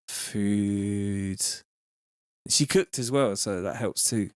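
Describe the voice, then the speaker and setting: A man's voice: medium pitch, animated, slow pace, creaky, smooth. A man casually chatting while producing a track, laid back and reading out viewer comments. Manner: laid-back, chatty, reads chat aloud. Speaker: music producer streaming. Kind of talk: casual live-stream chat while producing. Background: faint music.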